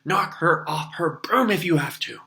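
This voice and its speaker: A man reading aloud and voicing a loud, eager young male team captain who shouts orders. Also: fairly high pitch, expressive, normal speed, gravelly, pitched above the performer's own voice, heavily acted. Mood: urgent.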